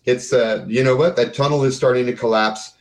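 A man runs a tabletop game as game master, describing scenes in a relaxed, plain voice of middle pitch. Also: fairly quick, low-quality recording.

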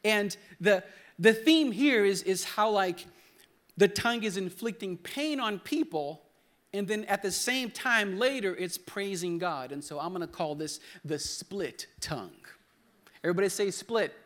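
Slightly slow and expressive, a young man with a high, somewhat bright voice preaches in a church hall. The sermon is relaxed and playful, with restarts and call-and-response moments where the congregation repeats his words.

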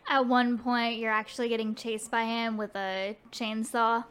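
A woman co-hosting a casual video game review podcast who chimes in with relaxed asides. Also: a little high, normal speed, clear, resonant tone. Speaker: podcast co-host.

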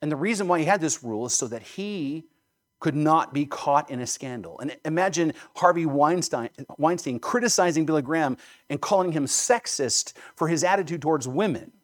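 A man preaching a sermon in a fairly high voice. He drives his points home with rhetorical questions and keeps asking "right?" to check that his listeners are with him. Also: expressive, moderate pace. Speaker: pastor.

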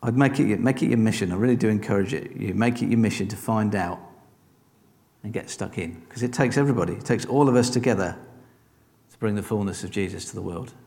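Fast and darkish in tone, a man with a lowish voice preaches in an easy, conversational manner, echoing with the long reverb of a church hall. He keeps encouraging his listeners and posing rhetorical questions.

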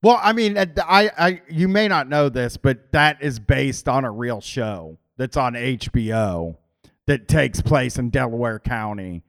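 A man's voice: mid-range voice, a little slow, creaky, a bit bright. A man co-hosting a podcast, hesitant in casual chat, with many fillers, then reading out a news story. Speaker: podcast co-host.

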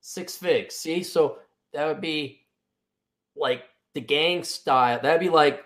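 A man's voice: on the high side, slow pace, a bit bright. Crude, sarcastic male talk-show host. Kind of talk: casual late-night chat.

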